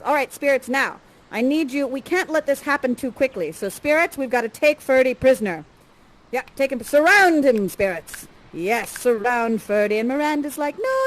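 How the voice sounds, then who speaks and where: A woman's voice: high-pitched, low-quality recording. A woman acting as guide and father figure in improvised interactive theatre, chatty, playful and encouraging. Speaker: actor guiding players as Prospero.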